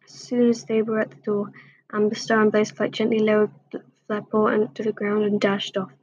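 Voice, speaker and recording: A woman's voice: mid-range voice, monotone, fairly quick, darkish tone, husky, lo-fi sound. A woman reading a fan story aloud in a plain voice, with slips and restarts along the way. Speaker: story reader.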